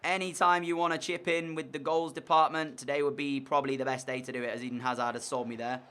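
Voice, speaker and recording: A young man giving commentary over a football video game, sliding between frustrated muttering and shouted excitement. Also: medium pitch, fast talker, clear, resonant tone. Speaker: gaming YouTuber.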